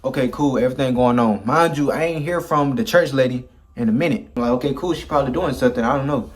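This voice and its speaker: A young man telling a story in casual slang, animated and acting out the people he quotes. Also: medium pitch, quick pace. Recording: loud background music.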